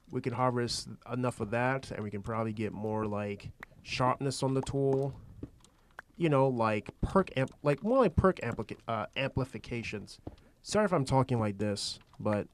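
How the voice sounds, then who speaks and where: Casual man rambling over gameplay. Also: medium pitch. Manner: casual, thinks aloud, trails off and restarts. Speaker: gaming channel host.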